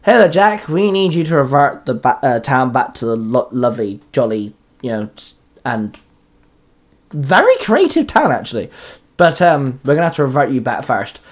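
A man's voice: medium pitch, big pitch swings, normal speed. A young hero, read by a man, hesitant and stumbling over his words. A storybook character trying to reason with a villain.

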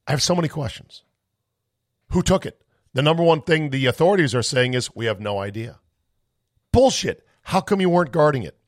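A man hosting a podcast, ranting in a sarcastic, incredulous way and firing off rapid questions with some swearing. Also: mid-range voice, no echo, clean studio sound. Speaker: podcast host. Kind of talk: animated comic rant and chat.

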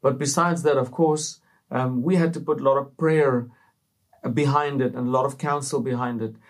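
A man's voice: mid-range voice, fairly even intonation, moderate pace. A man hosting a Christian talk show, speaking to viewers in an upbeat, preacherly way with frequent fillers. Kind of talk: casual faith talk to camera.

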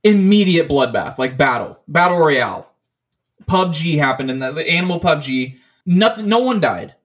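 A man with a slightly high voice chats casually on a podcast. He rambles through a long story, swearing freely and stumbling over restarts. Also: animated, moderate pace. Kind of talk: casual chat.

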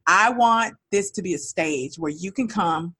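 A woman's voice: on the low side, unhurried, breathy edge, no room sound. A woman hosting her own podcast, talking casually and with energy straight to her listeners. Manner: chatty, animated, speaks directly to listeners. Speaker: podcast host. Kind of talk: casual solo podcast talk.

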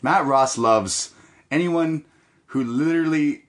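A man's voice: a little high, takes it slowly. A man co-hosting a wrestling podcast in casual chat, telling stories with lots of laughs. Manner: animated storyteller, laughs often. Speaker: podcast co-host.

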